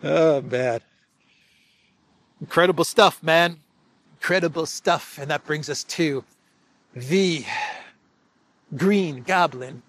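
A man with a fairly high voice delivers solo political commentary. He sounds sarcastic and mocking and laughs often between points. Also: slow, long pauses, fairly bright tone, no room sound.

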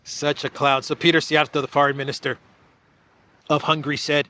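A man's voice: on the high side, little pitch movement, brisk, sharp tone, dry recording. A man giving political news commentary in a mocking tone, laughing at the people he covers.

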